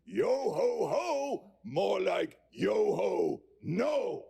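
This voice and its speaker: A man's voice: high voice, very animated, extremely slow, gravelly, warm tone, breathy edge. A man on a panel, reading and narrating in a theatrical, hammy way. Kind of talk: comic narration.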